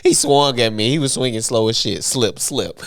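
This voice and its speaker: A young man on a podcast, telling a story in a casual, animated way, laughing often and using heavy slang and profanity. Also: medium pitch, moderate pace. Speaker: podcast co-host.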